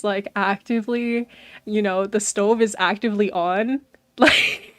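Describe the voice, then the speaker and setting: A woman's voice: mid-range voice, fairly even intonation, a little slow, fairly bright tone, no room sound. A young woman streaming, chatting casually and animatedly with her viewers and often saying "bro". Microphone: desk mic.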